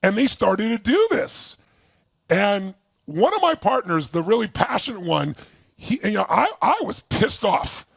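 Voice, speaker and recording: A man with a raspy, gravelly voice telling a story to a live audience as a motivational speaker. He is emphatic and acts out quoted lines. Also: big pitch swings, a little slow, no room sound. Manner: emphatic, acts out quotes with big swings in pitch.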